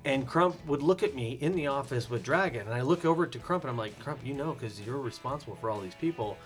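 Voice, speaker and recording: A man co-hosting a casual podcast from a living room, an animated storyteller who mimics voices and uses many fillers. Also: mid-range voice, fast talker, soft background music. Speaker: podcast co-host.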